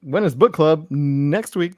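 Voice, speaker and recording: A man's voice: a little high, unhurried, mellow. Easygoing man reading out chat comments. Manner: easygoing, reads out viewer comments. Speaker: co-host. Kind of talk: casual live-stream chat.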